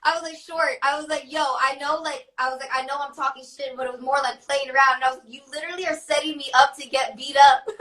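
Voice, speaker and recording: A woman's voice: high voice, steady tone, fast talker, a bit bright, far from the mic, rough recording. A young woman talking casually as an interview guest, chatty and full of "like" fillers, often laughing. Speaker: guest, rapper.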